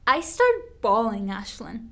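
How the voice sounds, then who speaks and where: Podcast co-host, young woman, animated storyteller, fairly high voice. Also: slow pace. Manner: animated storyteller, says "like" often. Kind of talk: casual chat.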